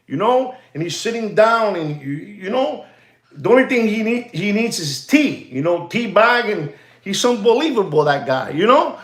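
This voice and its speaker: A man hosting a live show, talking in animated, repetitive fashion and slipping in Spanish phrases. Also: sits high, echoey room. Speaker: host of a live watch market show. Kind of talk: rambling live-stream commentary.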